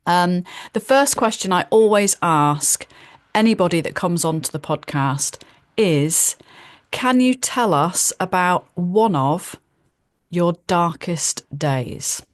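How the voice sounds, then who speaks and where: Female podcast host, measured and encouraging; lower voice, dry close sound. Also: lively intonation, dry recording. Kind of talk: interview podcast hosting.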